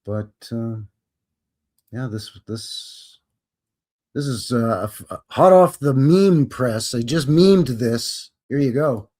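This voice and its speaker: A man's voice: medium pitch, lively intonation, takes it slowly, darkish tone. A man from Canada hosting a casual live stream, chatting and greeting viewers by name in a folksy way.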